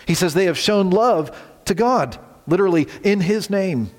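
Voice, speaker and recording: A male pastor delivers an earnest sermon in a fairly high voice. He swings between strong emphasis and soft, hushed lines. His voice rings with the long reverb of a large hall. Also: expressive, moderate pace.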